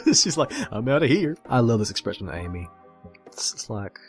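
Male creator, animated fan commentary, very expressive pitch, faint background music. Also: moderate pace. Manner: animated and gushing, swears freely, mimics characters. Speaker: video creator reviewing a game comic. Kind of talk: excited casual commentary.

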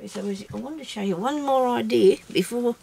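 A woman hosting a casual craft tutorial, chatting and thinking aloud as she works, with soft laughs to herself. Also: a little high, normal speed, gravelly, slight background noise. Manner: rambling, chatty, thinks aloud while working.

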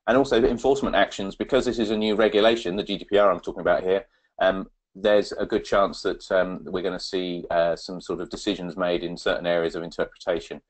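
Hesitant deep-voiced man. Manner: hesitant, many ums and restarts. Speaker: webinar presenter and data protection consultant. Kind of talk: live webinar talk with audience questions.

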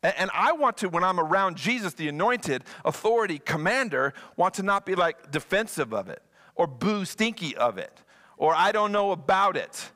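Man, sermon, playful, bright, slightly high. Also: normal speed. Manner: animated, playful preaching. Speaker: guest pastor.

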